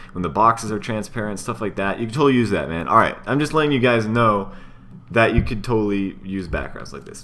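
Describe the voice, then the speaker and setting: A man's voice: lowish voice, fairly bright tone. A young man casually talking through a screen-recorded tutorial at home, rambling and chatty, throwing in "man" and "freaking" all the time. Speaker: YouTuber explaining a layout tutorial. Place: room at home with air conditioning running.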